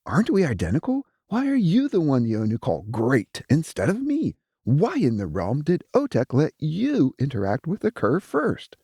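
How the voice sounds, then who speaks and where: A man voicing Trezor, a resentful younger brother who is a vast cosmic being, in an audiobook; prying, jealous and quick to anger. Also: mid-range voice, big pitch swings, creaky, mellow, breathy edge, no echo, studio quality, heavily acted. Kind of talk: audiobook character voice.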